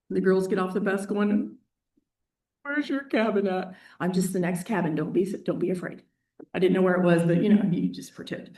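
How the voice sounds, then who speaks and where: A woman from Indiana telling a story at an awards talk, acting out voices and dropping into whispers. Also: medium pitch. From East Central Indiana. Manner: animated, acts out quoted voices and whispers. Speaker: award winner giving a talk. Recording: echoey hall, distant mic.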